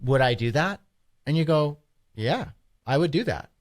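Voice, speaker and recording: Animated Canadian man, casual co-host. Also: fairly high pitch, moderate pace. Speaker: podcast co-host. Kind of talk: casual chat.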